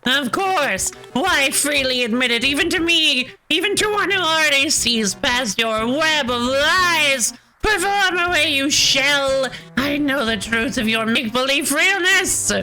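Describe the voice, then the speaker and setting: A woman voicing a paranoid conspiracy ranter in a game, loud, theatrical and accusing. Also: sits high, animated, measured pace, hardly any pauses, soft background music, voice pushed up, full character voice, poor audio. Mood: ranting. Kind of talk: voicing game characters on stream.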